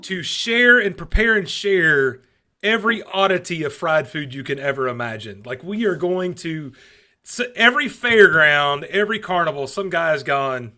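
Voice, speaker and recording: Man, Southern accent, middle-aged, bright tone, a bit high, joking storyteller, casual co-host. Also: expressive, normal speed. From Southern United States. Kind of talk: casual chat.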